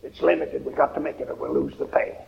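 A preacher doing a calm, stubborn train conductor. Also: male voice, medium pitch, quick pace, gravelly, highs cut off. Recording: echoey hall reverb.

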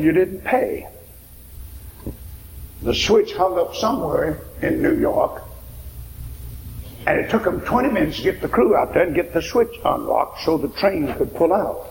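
A male preacher telling a sermon story in a rhythmic, repeating way that builds to shouts. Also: a little high, vocal fry, a little hiss or hum. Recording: echoey hall reverb.

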